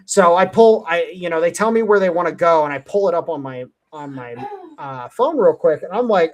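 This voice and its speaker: A man's voice: a little high, normal speed. A man hosting a casual panel chat, telling stories in a rambling way, swearing often and laughing a lot, speaking into a headset. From Cleveland area, USA. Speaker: host.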